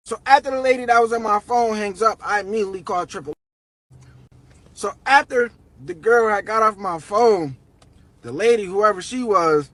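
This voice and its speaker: A man's voice: sits high, a bit bright, no echo. A man telling a story in a casual, slangy, profane way.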